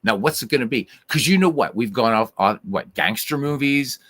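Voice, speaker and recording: A man's voice: medium pitch, expressive, moderate pace, a bit bright. A man hosting a podcast in casual chat, rambling and drifting off on tangents. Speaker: podcast host.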